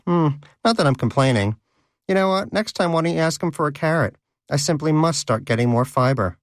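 A man's voice: a little high, expressive, fairly quick, no room sound, clean studio sound, voice pushed up. A man voicing a cynical, greedy male pet rodent in a cage, in a scornful, mocking manner. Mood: smug.

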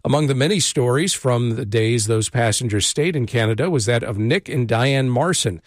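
A man hosts a radio talk show from a dry, close studio mic. He reads his introduction in a measured way, then asks his guest questions in a looser, conversational tone. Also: medium pitch, no room sound. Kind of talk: radio interview.

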